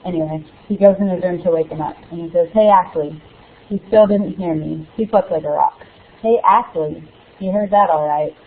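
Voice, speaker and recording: A woman's voice: fairly low pitch, fairly even intonation, fairly quick, hardly any pauses. A young woman, a student, introduces and reads a novel excerpt aloud, speaking casually with ums between sentences. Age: young adult. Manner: casual, with ums before reading. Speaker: student reader. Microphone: computer or phone call. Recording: tinny phone-like call audio.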